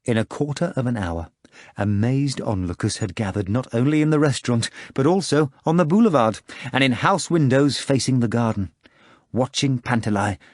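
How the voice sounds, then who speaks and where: A man narrating an audiobook in an expressive, dramatic reading. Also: medium pitch, no echo, clean studio sound. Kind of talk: scripted narration.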